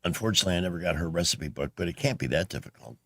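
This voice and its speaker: A man's voice: low-pitched, lively intonation, racing, creaky, no room sound. A man hosting a call-in radio show, chatting in a friendly, easygoing way with callers. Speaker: radio talk show host.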